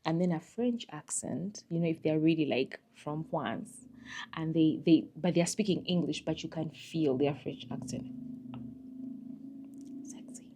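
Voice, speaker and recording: A woman's voice: low-pitched, normal speed, warm tone, a little hiss or hum. A young woman, chatting frankly to camera in a casual life-update vlog, laughing often and swinging from murmurs to squeals. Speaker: vlogger.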